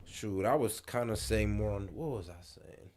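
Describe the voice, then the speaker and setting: A man's voice: lowish voice, normal speed, a little mellow. A man from Ohio with an accent that mixes Northern and Southern sounds, co-hosting a casual livestream and joking in a laid-back way. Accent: Ohio, part Northern, part Southern. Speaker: livestream co-host.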